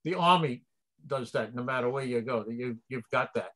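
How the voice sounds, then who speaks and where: A man's voice: medium pitch, normal speed, sharp tone. An older man with a New York accent, chatting as an interview guest in an easygoing way and chuckling often. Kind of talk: casual interview chat.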